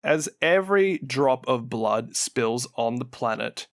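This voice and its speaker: A man's voice: medium pitch, expressive, slow pace, dry recording, studio quality. A man with a New Zealand accent, co-hosting a podcast and animatedly retelling lore, laughing often and acting out what characters say. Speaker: podcast co-host.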